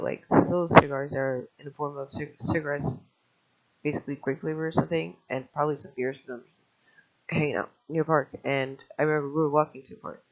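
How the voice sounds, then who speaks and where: A man with a somewhat high, gravelly voice rambles through a personal testimony, jumping between thoughts and swearing casually. The recording is dull and lo-fi. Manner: fast, scattered retelling with restarts and casual swearing.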